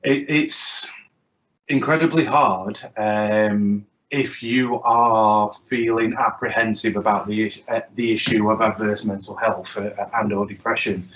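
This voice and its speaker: Man giving measured, halting advice. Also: lowish voice, steady tone, a bit bright, highs cut off. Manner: measured, halting with many ums. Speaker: guest speaker. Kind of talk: answering audience question.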